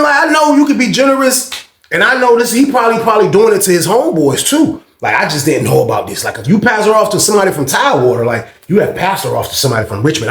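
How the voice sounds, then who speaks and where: Gravelly high-voiced man. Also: echoey room. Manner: animated, slang-heavy, swears freely. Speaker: storyteller. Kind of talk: casual storytime.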